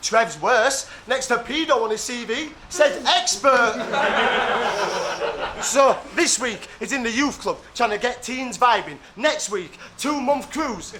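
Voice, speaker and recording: A man's voice: very high voice, slow, background noise. A man rapping a taunting verse in a live rap battle, laughing at his own lines. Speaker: battle rapper. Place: battle venue before a live crowd. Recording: loud crowd behind a live battle.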